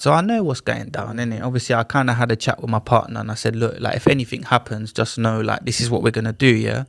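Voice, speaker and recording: A man's voice: mid-range voice, a little fast, gravelly, no echo, clean studio sound. A man, a podcast guest telling a personal story in a casual, slang-heavy way and acting out the other people's lines. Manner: animated, slangy retelling with acted-out dialogue. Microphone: studio podcast mic.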